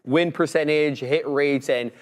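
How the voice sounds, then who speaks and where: A man's voice: on the high side, steady tone, measured pace. A man with a somewhat raised voice co-hosting a live trading stream. He jokes with his partner like a buddy, then runs through stock prices and valuation numbers in a chatty way. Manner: chatty, brotherly banter mixed with stock figures. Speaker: trading show co-host. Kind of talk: casual live market chat.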